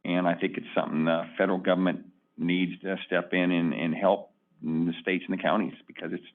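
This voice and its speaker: A man on a county board giving a plainspoken, halting comment. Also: sits low, little pitch movement. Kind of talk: board discussion. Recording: phone-like lo-fi meeting audio.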